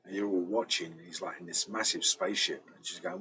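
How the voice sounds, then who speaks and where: A British man, a bass player, chatting casually in a rambling storytelling way, often acting out other people's voices. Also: fairly even intonation, a little fast, bright, forceful tone, slight background noise, rough recording. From Britain. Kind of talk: casual chat.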